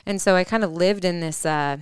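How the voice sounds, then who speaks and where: A woman's voice: on the low side, a little fast, clean tone, no room sound, studio quality. A woman in her thirties earnestly telling a personal story on a podcast, reflective, with fillers and restarts. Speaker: podcast co-host.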